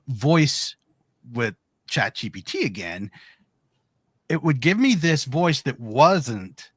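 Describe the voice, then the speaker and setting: A man telling a personal story in casual podcast talk, animated and acting out quoted lines. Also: medium pitch, dry recording. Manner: animated anecdote with quoted dialogue.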